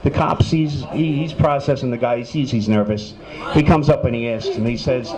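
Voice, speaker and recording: A man's voice: medium pitch, moderate pace, poor audio. A man telling crude stand-up jokes and bantering with the audience. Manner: heckle-tossing, loud crude storyteller. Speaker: comedian. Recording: live club with crowd noise.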